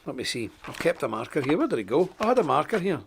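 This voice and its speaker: Animated ranting Scottish man. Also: on the high side, fast talker, vocal fry, background noise. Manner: animated, indignant ranting with sarcastic asides. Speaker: host. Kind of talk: live online commentary.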